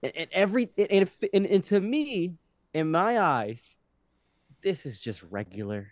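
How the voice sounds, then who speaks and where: A young man in his twenties, a podcast guest telling a story in casual conversation, animated and often restarting his sentences. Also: high voice, measured pace, no room sound, clean studio sound. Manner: animated, with frequent restarts and acted-out quotes.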